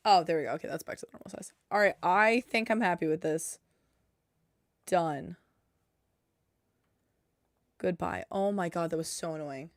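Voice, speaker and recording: A woman's voice: fairly low pitch, moderate pace, long pauses, dry recording, clean studio sound. A woman livestreaming her game development, chatting casually into a headset and talking to herself in a flustered, self-deprecating way. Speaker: game dev streamer.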